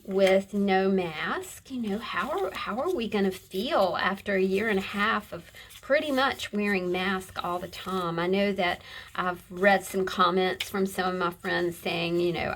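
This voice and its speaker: A middle-aged woman hosting a casual craft video, chatting in a soft, rambling way as she shows her handmade books. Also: medium pitch, measured pace, slight background noise, poor audio. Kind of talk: casual show-and-tell chat.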